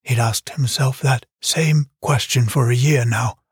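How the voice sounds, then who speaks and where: A man narrating an audiobook in a measured, even storytelling manner. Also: mid-range voice, breathy edge, dry recording, clean studio sound. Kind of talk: scripted narration.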